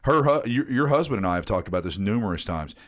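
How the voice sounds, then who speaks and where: A man from Tennessee with a faint Southern accent talks bluntly in a casual podcast conversation. He swears now and then, and his voice sits on the lower side. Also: animated, quick pace. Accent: mild Southern US. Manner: blunt, profane. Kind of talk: casual chat.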